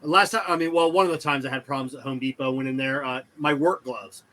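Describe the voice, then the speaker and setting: A man's voice: medium pitch, steady tone, fast, sharp tone. A man co-hosting a casual podcast chat, telling a rambling anecdote and quoting both sides of the conversation. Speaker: podcast co-host.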